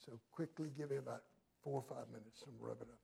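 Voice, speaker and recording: A male pastor preaching a sermon with emphasis, his delivery swinging from hushed to loud. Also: mid-range voice, fast talker, gravelly, husky.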